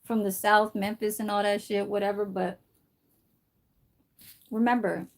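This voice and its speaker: On her livestream, a middle-aged San Francisco woman chats casually, wandering through a story and swearing liberally. She speaks a little slowly in a gravelly, medium-pitched voice with a level tone. She's from San Francisco, USA.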